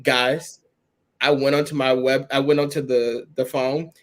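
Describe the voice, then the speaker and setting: A man's voice: medium pitch, little pitch movement, a little slow. A man co-hosting a podcast, telling a long rambling story in casual chat and filling it with "or whatever". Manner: chatty, rambling, uses "or whatever" often. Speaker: podcast co-host.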